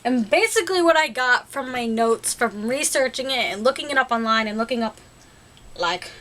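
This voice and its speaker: Young woman vlogger, bright tense voice, a little high, rambles and laughs a lot. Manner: chatty and rambling, laughing often. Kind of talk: casual talk to camera.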